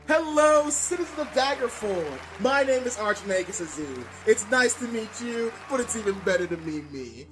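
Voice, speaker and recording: Boastful greedy male archmage played by a woman, theatrical campaign speech, high voice, big swooping delivery. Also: animated, normal speed, hardly any pauses, soft background music, close to an everyday voice. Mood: smug. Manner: boastful, theatrical, stammers when worked up. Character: pompous greedy male half-elf archmage. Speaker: tabletop game player. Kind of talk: comic in-character campaign speech.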